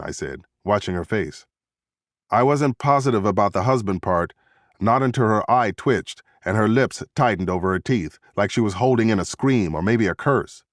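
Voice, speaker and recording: A man reading a thriller audiobook in first person, measured and steady, recorded in a studio booth. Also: fairly low pitch, no echo. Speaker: audiobook narrator.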